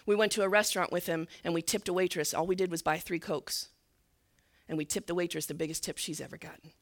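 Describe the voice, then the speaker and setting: A woman church leader telling a story in a sermon, earnest and sometimes dropping to a soft near-whisper. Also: fairly low pitch, steady tone, fast talker.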